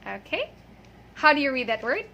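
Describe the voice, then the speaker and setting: A woman's voice: high-pitched, sing-song, moderate pace, vocal fry, pushed and bright, a little hiss or hum. A woman with a Filipino accent giving a chatty pronunciation lesson, laughing often and saying "okay" a lot. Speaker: English pronunciation teacher. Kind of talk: casual video lesson.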